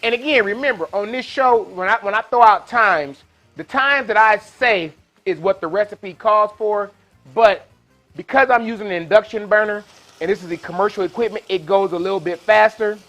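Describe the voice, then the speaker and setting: A man's voice: high voice, moderate pace, fairly bright tone, faint music behind. Folksy man hosting a cooking show. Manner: casual, folksy, chatty with viewers. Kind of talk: live cooking demonstration. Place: kitchen with induction burner.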